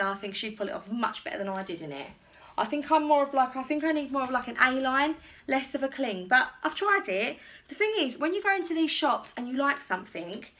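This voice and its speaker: A woman's voice: on the high side, a bit bright. A young woman chatting casually through a clothing try-on haul at home, rambling and poking fun at herself. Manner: chatty, self-deprecating, rambling. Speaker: vlogger. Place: home bedroom.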